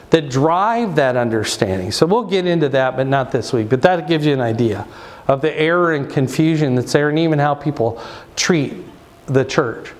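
A pastor teaching his church in a conversational, rambling way, full of restarts and asides. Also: fairly high pitch.

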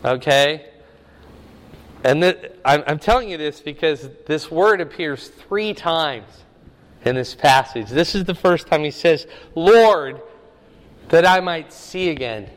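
A man's voice: fairly high pitch, expressive, a little slow, a bit bright, big-room sound. A man preaching a sermon, teaching the meaning of Greek words with rising emphasis. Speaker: pastor.

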